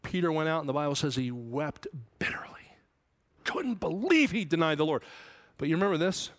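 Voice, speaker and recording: A man preaching a Bible sermon, asking his listeners questions and rising loud and high when he quotes scripture. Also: animated, brisk. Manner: asks the congregation questions. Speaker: pastor. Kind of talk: expository sermon.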